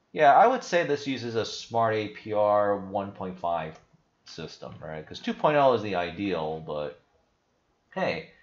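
A man giving rambling, casual commentary over his screen as a crypto investing YouTuber, often tagging on "right?" and "you know". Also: lowish voice. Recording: dull lo-fi audio.

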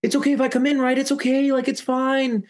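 A man putting on a shrill, pleading woman. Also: flat delivery, fairly quick. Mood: wheedling. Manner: high shrill pleading, repeating herself. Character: frantic pleading woman, fake crying, manipulative.

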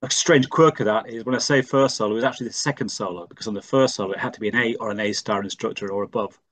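Rapid-fire and lowish, with a fairly bright tone, comes the voice of a middle-aged Leeds man from England. He works as a pilot and flight instructor, and in a conversational interview he tells anecdotes with energy, acting out what people said.

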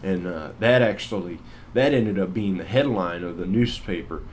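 A man's voice: low-pitched, normal speed, slight background noise, close to an everyday voice. A man voicing a scruffy, beer-bellied, self-important guy who narrates in a rambling, meandering way full of false starts. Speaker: cartoon lead and narrator. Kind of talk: rambling storytelling.

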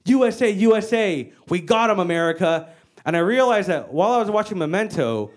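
A woman doing a stand-up comedy set on stage, telling stories with animated, mock-exasperated swearing into a handheld mic. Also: fairly low pitch.

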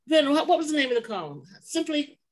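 A woman's voice: high voice, big pitch swings, fast talker, low-quality recording. An older woman sharing memories as an interview guest, rambling and digressing, often stopping to correct herself. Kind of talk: oral history storytelling.

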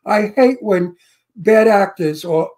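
A man's voice: high-pitched, takes it slowly, a little mellow. A man with a Brooklyn accent co-hosting a casual interview, chatty and full of stories. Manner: talkative, tells stories with acted-out quotes. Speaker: co-host.

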